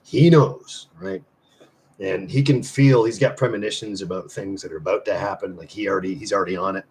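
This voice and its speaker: A low-voiced man hosting a casual livestream, talking loosely to his viewers and swearing as he goes. His loudness swings between sudden bursts and mumbled asides. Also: brisk, slight background noise. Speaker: livestream host; semi-retired musician. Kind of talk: casual live chat.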